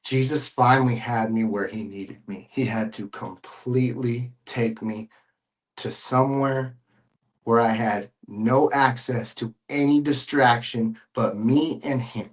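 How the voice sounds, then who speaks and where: A man's voice: medium pitch, fairly even intonation, measured pace. A man sharing a personal faith testimony as a podcast guest, earnest and emotional, with casual slang and frequent repeats.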